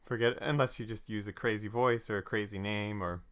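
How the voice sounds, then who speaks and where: Low, smooth-voiced rambling man. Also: fairly even intonation, a little fast, a bit bright, dry recording. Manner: rambling, frequent restarts and filler. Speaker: podcast co-host. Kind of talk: casual chat about tabletop games.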